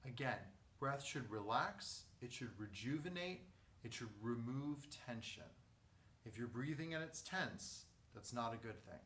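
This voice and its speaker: A man teaching a vocal lesson, guiding breathing and posture in a calm, step-by-step way. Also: medium pitch, a little slow, a little hiss or hum. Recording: echoey room, mic at a distance.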